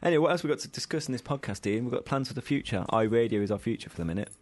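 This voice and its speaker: A man's voice: medium pitch, lively intonation, racing, faint music behind. A man co-hosting a casual podcast, rambling, self-mocking and full of ums and little laughs. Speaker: podcast co-host. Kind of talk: casual chat.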